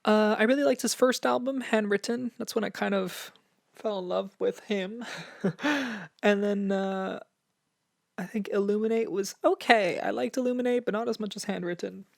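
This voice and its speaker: A man's voice: high voice, fairly even intonation, normal speed, creaky, no room sound, clean studio sound. A young man hosting a casual solo music review podcast. He sounds a little nervous and out of breath, chatty, with many fillers and restarts. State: slightly out of breath. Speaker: podcast host.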